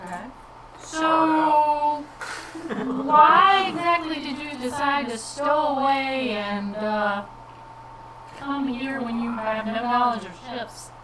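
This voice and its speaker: A woman player speaks calmly and plainly in a fairly high voice. She is recorded from afar in a very echoey room, with other voices clearly heard behind her. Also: slow, crowd noise. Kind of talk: casual tabletop game chat. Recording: echoey room, far from mic.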